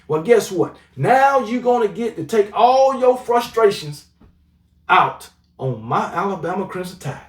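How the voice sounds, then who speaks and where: A man's voice: high voice, darkish tone, far from the mic. A man giving an opinionated, trash-talking sports rant, repeating his catchphrases as a vlog host. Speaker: sports commentary vlogger. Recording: roomy echo, voice off-mic.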